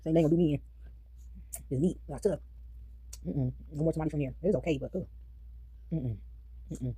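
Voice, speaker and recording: A woman's voice: deep voice, fairly quick, warm tone, breathy edge, no echo. A woman vlogging casually while eating, chatting with her viewers and breaking into bits of song. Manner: chatty, addresses viewers as y'all, sings snippets. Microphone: phone.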